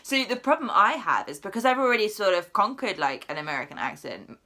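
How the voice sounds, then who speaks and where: A woman's voice: lowish voice, pushed and bright. A young woman, an actor, chatting casually on a vlog and dropping plenty of fillers. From England. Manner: chatty, upbeat, lots of "like". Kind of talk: casual chat.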